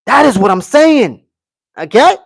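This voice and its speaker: This man's voice is very high, husky, and very animated, yet unhurried, captured in a dry recording. Hosting a live stream, he offers brash, opinionated takes on a fight, reading chat comments aloud, answering them, and repeating "okay" and "guys."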